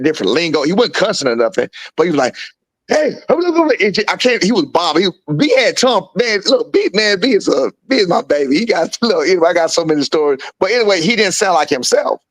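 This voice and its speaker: In a rough recording with no room sound, a middle-aged boxing father appears as a guest and tells casual stories in slang. He animatedly acts out quotes with large pitch swings and keeps asking "you feel what I'm saying."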